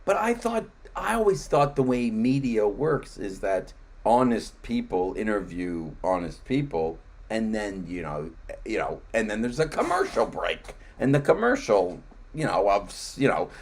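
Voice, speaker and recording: A man's voice: on the low side, a little slow, a little hiss or hum. A man hosting a podcast in casual conversation, telling stories with lots of restarts. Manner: animated storytelling with many restarts. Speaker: podcast host.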